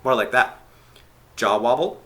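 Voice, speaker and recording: A man's voice: medium pitch, a little slow, loud music behind the voice. A man teaching didgeridoo technique in a live video chat, explaining step by step and chanting rhythm syllables. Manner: explaining step by step, thinking aloud. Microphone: webcam on a live video chat.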